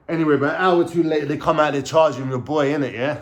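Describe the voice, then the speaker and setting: A man with a London accent telling a personal story to camera in a casual, animated way, using heavy street slang and frequent swearing. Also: on the high side, rapid-fire, hardly any pauses. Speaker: vlogger telling his life story.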